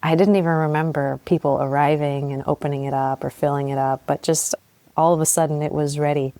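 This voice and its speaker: Young adult woman podcast host with a low voice and a dry, close sound. Frank, animated storyteller. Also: brisk, no echo. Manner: candid and animated, swears freely, laughs at herself. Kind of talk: personal storytelling monologue.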